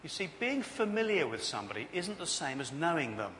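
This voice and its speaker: A man preaches with an animated, storytelling delivery and acts out the voices of people in his stories. His voice is bright and sits a little high, and his pitch swings widely. The sound echoes through a large hall with faint noise behind it. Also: brisk. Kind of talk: sermon.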